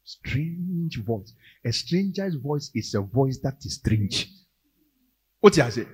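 A man with a Ghanaian accent preaching a sermon, moving between English and Twi and rising to loud, emphatic calls. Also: mid-range voice, sing-song, slow, slightly rough, big-room sound. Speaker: pastor.

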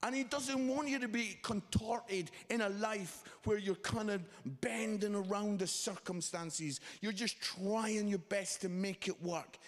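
A man preaching a sermon, telling a story with lively, animated delivery and quoted voices. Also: high voice. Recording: long hall reverb.

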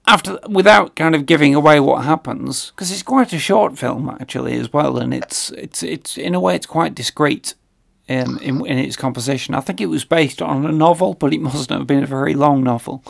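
A man co-hosting a casual film discussion, explaining plots in a measured way with many fillers. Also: a little high, vocal fry. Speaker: film podcast co-host.

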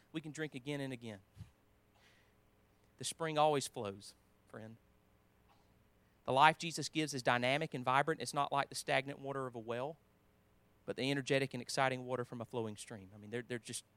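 A man preaching a sermon in a conversational way, with restarts, quoting scripture, swinging between emphatic lines and quiet asides. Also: fairly high pitch.

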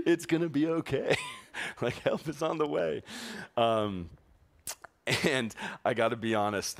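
A young man telling a story in a sermon to a youth group, animated and chatty, full of "like" and "um", laughing as he goes. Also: lowish voice. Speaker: youth pastor.

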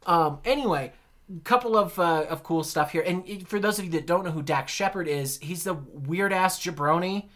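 A man co-hosting a podcast in casual chat, animated and joking, swearing freely. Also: fairly high pitch, moderate pace. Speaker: podcast co-host.

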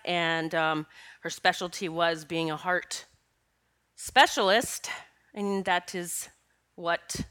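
A woman's voice: on the low side, bright, forceful tone, clear, resonant tone. A middle-aged woman hosting a casual spiritual podcast, tearful and sniffling, talking in an emotional, rambling way with bursts of laughter. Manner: emotional, rambling, breaks into laughter between tears. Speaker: podcast host.

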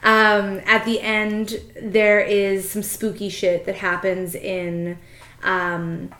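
A woman's voice: medium pitch, flat delivery, slow pace, sharp tone, echoey room, slight background noise. A woman in her late twenties, a podcast host, chatting casually with many fillers. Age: late 20s. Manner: chatty, lots of fillers and likes, laughs easily. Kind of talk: casual chat.

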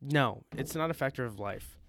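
A man's voice: mid-range voice, normal speed, gravelly, fairly bright tone, a little hiss or hum. A young man co-hosting a podcast, talking casually in a rambling way that often trails off into fillers. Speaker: podcast co-host. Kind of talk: crude casual chat.

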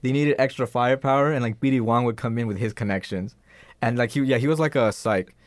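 A man's voice: mid-range voice, fast, no room sound. A young man in casual podcast chat, rambling through his points with many fillers. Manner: rambling, lots of fillers and restarts.

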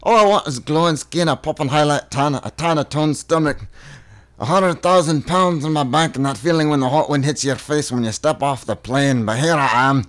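A man's voice: fairly high pitch, moderate pace, lightly acted. A man doing a put-on Scottish accent, reading crude comic posts as a brash swearing Scot. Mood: cheeky, crude. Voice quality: raised, punchy and crude. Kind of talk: comic read-aloud of posts.

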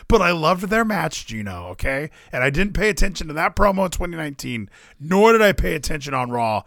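A man co-hosting a casual chat, talking in excitable rants. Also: fairly high pitch, no room sound, studio quality. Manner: excitable, quick rants with laughs. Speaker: podcast co-host.

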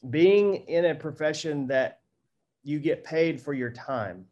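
A man in his thirties, a guest on a podcast, talking in an earnest, reflective and measured way. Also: a little high, lively intonation, darkish tone, muffled recording. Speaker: guest attorney. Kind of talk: casual podcast interview.

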